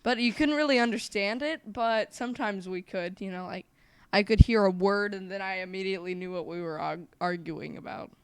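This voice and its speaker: A young woman co-hosting a casual podcast chat, rambling with lots of fillers and quick giggles. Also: medium pitch, clean tone, no room sound. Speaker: podcast co-host.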